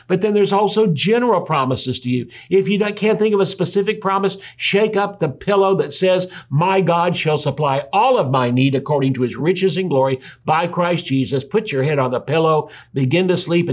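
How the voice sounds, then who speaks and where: A man preaching a sermon, and his voice sits somewhat high for a man. He drives his points home with rhetorical questions and repetition. He breaks off now and then to read scripture aloud. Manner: reads scripture aloud in between.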